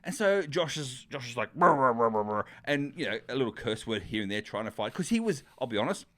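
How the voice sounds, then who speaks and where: A man co-hosting a podcast, spinning a story in easygoing casual chat. His voice sits at a middling pitch, and he tumbles through restarts and side comments as he goes. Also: very animated, fast talker. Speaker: podcast co-host.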